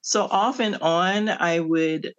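A middle-aged woman from the Midwestern United States, an author answering interview questions in an animated storytelling way, laughing often. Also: on the low side, slow. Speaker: author guest. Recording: dull lo-fi audio.

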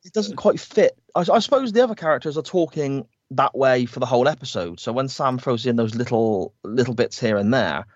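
A man's voice: mid-range voice, lively intonation, fairly quick, hardly any pauses, dry recording. A man co-hosting a podcast, recapping a TV episode's plot step by step in an easygoing, agreeable way, on a slightly dull recording. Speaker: podcast co-host. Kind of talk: casual chat recapping a TV episode.

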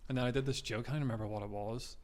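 A man's voice: medium pitch, steady tone. A man, a stand-up comedian telling rambling gig stories in casual podcast chat. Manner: rapid, rambling anecdotes.

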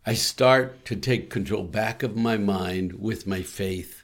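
A man with a low, gravelly voice co-hosts a faith talk show. He speaks earnestly and pastorally, guiding listeners through spoken prayer. His delivery is that of a warm minister. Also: takes it slowly. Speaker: co-host. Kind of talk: faith-based podcast conversation.

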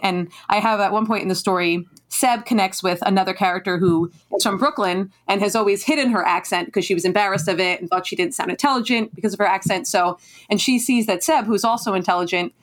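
New Jersey-accented woman, guest author, rapid chatty delivery full of "like"s, mid pitch. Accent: northern New Jersey. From northern New Jersey, US. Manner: chatty, many fillers and "like"s. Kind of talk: casual conversational interview.

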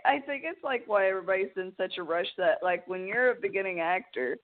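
A woman co-hosting a casual podcast, playful and quick to laugh and crack jokes. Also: mid-range voice, animated, no echo. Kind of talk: casual pop-culture chat. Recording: dry phone-like sound.

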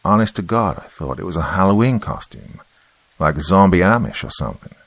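A man voicing a gruff uncle who tells a creepy story in a blunt, profane, conversational way. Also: low voice, animated, fairly quick, no room sound, heavily acted. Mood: storytelling. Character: gruff middle-aged uncle, rideshare driver telling a story.

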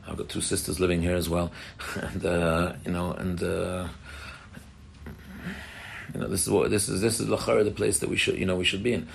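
Deep gravelly man giving a Torah talk. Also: little pitch movement, normal speed, long pauses, a little hiss or hum. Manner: earnest, repeats and restarts phrases, explains plainly. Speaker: rabbi giving a talk to women. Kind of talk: Torah talk with audience questions.

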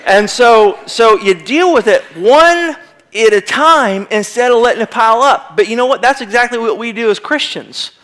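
A man preaching in a church, with a voice pitched high for a man. He keeps it conversational and acts out little quoted voices as he goes. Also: normal speed, a bit bright. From United States. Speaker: pastor. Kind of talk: sermon. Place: church sanctuary.

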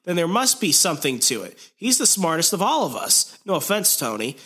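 A man's voice: fairly high pitch, big pitch swings, fairly quick, sharp tone, husky, pitched above the performer's own voice, full character voice. A man voicing a blunt, scheming zombie superhero who talks in a matter-of-fact, persuasive way.

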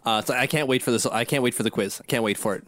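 A man's voice: mid-range voice, very fast, fairly bright tone, no room sound. A man co-hosting a casual sports podcast, rambling and poking fun at himself as he talks. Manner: rambling and self-deprecating, laughs at himself. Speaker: podcast co-host.

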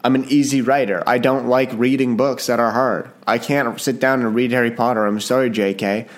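A man's voice: mid-range voice, steady tone, normal speed. A man from Canada hosting his own podcast in a casual solo chat, rambling and self-deprecating, often restarting his sentences and apologizing. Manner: apologetic, jokey. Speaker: podcast host and author.

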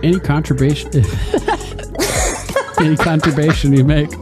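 A man's voice: fairly high pitch, fairly even intonation, moderate pace, over loud music. A man co-hosting a podcast in casual chat, joking and quoting lines from the show. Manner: jokey, quotes lines in silly voices. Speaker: podcast co-host.

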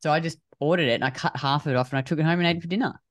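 A woman's voice: low-pitched, racing, no echo. Blunt, swearing woman podcast host. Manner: blunt and swears freely, acts out quoted dialogue. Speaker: podcast co-host and health coach. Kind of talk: casual podcast chat.

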